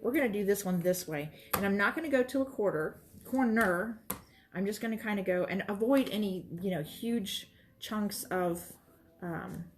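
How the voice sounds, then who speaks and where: A woman teaching quilting in a casual demonstration, chatty and reassuring as she talks while she works at her sewing station. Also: medium pitch. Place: sewing room, moving between workstations.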